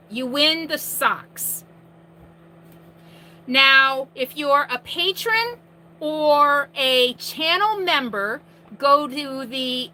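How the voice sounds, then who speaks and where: A woman hosting a live question-and-answer stream from inside her RV, chatting casually and projecting her voice loudly. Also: high voice, rough recording.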